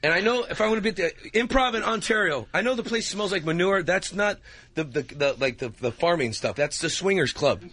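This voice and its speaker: A male comedian riffing live on a radio show, his voice high and lively, swooping up and down. The tone is bright and sharp, and he keeps breaking off into laughs and quick impressions. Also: breathy edge. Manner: animated, jumping between voices, laughing. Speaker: stand-up comedian, radio guest.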